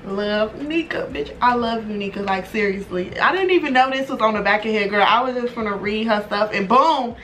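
A young woman chatting excitedly and casually through a makeup unboxing, full of slang and swearing. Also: on the high side, moderate pace, hardly any pauses. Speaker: beauty vlogger. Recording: distant mic with background noise.

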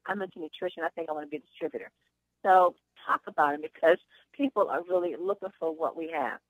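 A woman's voice: low-pitched, fast talker, no room sound. A woman hosting a conference call, telling chatty stories and giving upbeat sales encouragement over a phone line. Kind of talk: motivational sales talk with anecdotes.

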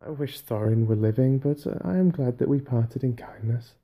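A man voicing a small, kindly hobbit who has been hurt and shaken, speaking high and eager. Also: normal speed, narrow, tinny audio, natural voice. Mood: sorrowful.

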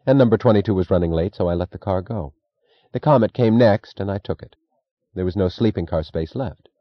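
A man's voice: deep voice, a little fast, dry recording, highs cut off, natural voice. A man reading the part of a woman railroad executive in her thirties, speaking with cool, unstressed authority. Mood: commanding.

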